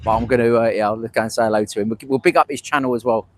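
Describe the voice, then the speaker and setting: A man's voice: medium pitch, steady tone, very fast, no room sound. A man rambling casually to his live-stream viewers from a street protest, speaking into a small wearable mic. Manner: rambling, chatty, talks to chat viewers. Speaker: livestreaming citizen journalist.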